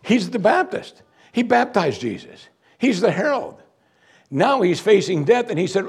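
A man's voice: sits high, very animated, unhurried, husky. A male pastor preaching a sermon in a church, emphatic and full of rhetorical questions.

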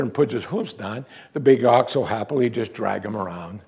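A middle-aged male pastor preaching a sermon, animated and preacherly, swinging between loud emphasis and low, quiet lines. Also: moderate pace, gravelly, slightly rough.

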